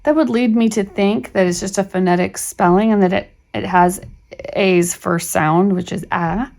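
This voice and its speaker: A woman's voice: mid-range voice, fairly even intonation, moderate pace, darkish tone. A middle-aged woman talking casually through a reading primer as a homeschool channel host, rambling with many fillers and restarts.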